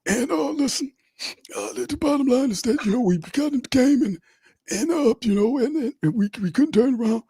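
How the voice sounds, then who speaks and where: Man doing a squeaky rambling coach. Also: expressive, a little fast, vocal fry, warm tone, husky, no room sound, studio quality, exaggerated voice. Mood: defensive. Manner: rambling, filler-heavy press talk. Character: exasperated football head coach, mocked. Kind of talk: mocking impression.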